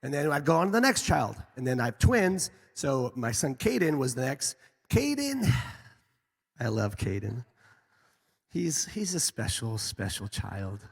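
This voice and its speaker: Gravelly-voiced male pastor, lively. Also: measured pace. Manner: animated storytelling, lively swings in pitch. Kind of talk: sermon with personal stories. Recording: echoey hall.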